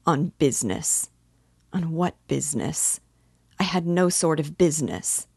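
A woman reading the lines of a restless young male student, delivered with incoherent, self-mocking agitation in a low, unhurried voice. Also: slightly rough, dry recording, clean studio sound, heavily acted.

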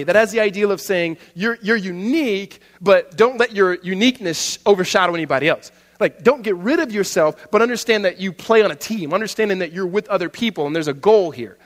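A male pastor delivers a conversational sermon, his voice a little higher than most men's. He swings from loud bursts to hushed asides and laughs often. The sound carries a long reverb from a big hall.

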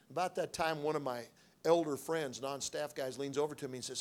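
Here a middle-aged preacher tells a personal story as a sermon, fast and in a mid-range voice. He keeps it conversational, voicing the dialogue and often starting over.

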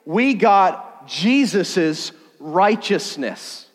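A man giving a sermon to a young crowd, animated and jokey, with sudden loud bursts of emphasis. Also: sits high, extremely slow. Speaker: youth pastor. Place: church hall. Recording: long hall reverb.

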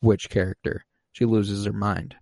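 A man on a casual podcast, recapping an episode and acting out quoted lines with sudden jumps in pitch. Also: level tone, measured pace, gravelly, a little mellow, no echo. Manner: recaps plot, acts out quoted lines in a raised voice.

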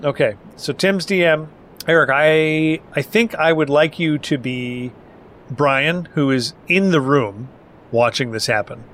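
A man's voice: fairly high pitch, measured pace, fairly bright tone, a little hiss or hum. A man chatting casually while assigning roles at a tabletop game, upbeat and joking. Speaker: player.

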